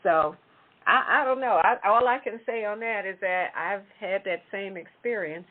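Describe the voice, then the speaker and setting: Femme posée, son de téléphone. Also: female voice, mid-range voice, normal speed. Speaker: talk show co-host. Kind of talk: casual chat. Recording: phone-like lo-fi audio.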